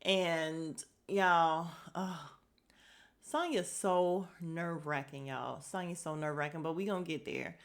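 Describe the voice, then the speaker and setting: Animated woman recapping reality TV. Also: sits low, unhurried. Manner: animated storytelling, acts out quotes, laughs often. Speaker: podcast host. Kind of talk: casual reality-show recap.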